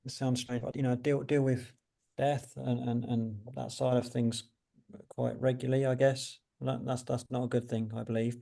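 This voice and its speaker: A man's voice: medium pitch, creaky, mellow. A man speaking reflectively and hesitantly in a casual video call chat. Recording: distant video call mic.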